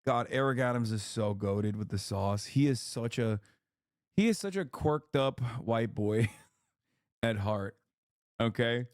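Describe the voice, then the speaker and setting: A man's voice: medium pitch, animated, unhurried, a little mellow, no echo, clean studio sound. A man streaming and reacting to clips, talking casually and bluntly, swearing and joking. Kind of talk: casual commentary.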